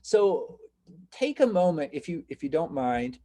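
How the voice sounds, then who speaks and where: A man's voice: on the high side, very animated, a little slow, warm tone. A man teaching a college class online over a video call, talking casually and reassuring his students while inviting their questions. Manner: reassuring, chatty, encouraging questions. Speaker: college instructor.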